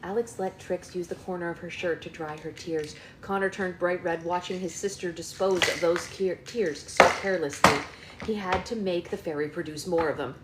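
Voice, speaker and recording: A woman hosting a live book club, reading a novel aloud at home in a lively, expressive way. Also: lowish voice, moderate pace, reverberant, a little hiss or hum.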